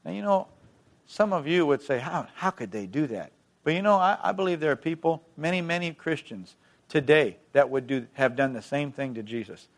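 A man preaching a sermon, emphatic, swinging between loud, rousing lines and hushed, quiet ones. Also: fairly high pitch, a little fast. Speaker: pastor.

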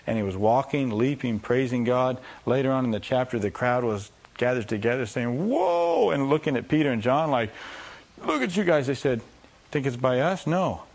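A man's voice: medium pitch, normal speed. A man preaching a sermon, acting out scripture voices and repeating phrases for emphasis.

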